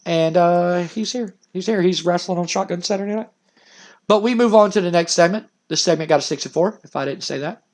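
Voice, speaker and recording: A man's voice: high voice, brisk, darkish tone. A man casually narrating a wrestling simulation game as the show's commentator, rambling and enthusiastic. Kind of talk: casual storytelling over a wrestling sim.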